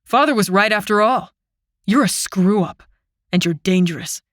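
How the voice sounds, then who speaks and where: A woman's voice: medium pitch, moderate pace, a bit bright, no room sound, studio quality, natural voice. A woman voicing a bitter, scornful young male fairy in an audiobook, speaking with scoffing, sneering contempt.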